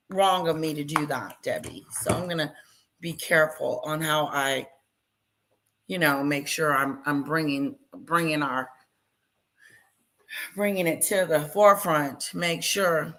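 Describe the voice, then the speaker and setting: A woman hosting a casual live stream, talking loudly and chatting with her viewers by name. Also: deep voice, expressive, a little slow, long pauses, rough recording. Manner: loud, talks to chat viewers by name.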